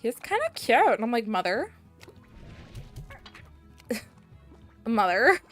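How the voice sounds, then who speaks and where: A woman's voice: on the high side, very animated, a little slow, a bit bright, faint music behind. A young woman streaming a video game, chatting casually and rambling, with sudden squeals at the game. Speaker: VTuber streamer. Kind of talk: casual gameplay chat.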